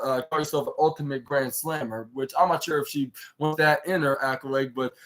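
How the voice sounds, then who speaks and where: A man with a slightly high, sharp-toned voice hosts a casual podcast, recapping a wrestling show in rambling fashion with lots of fillers, restarts and loosely paraphrased quotes.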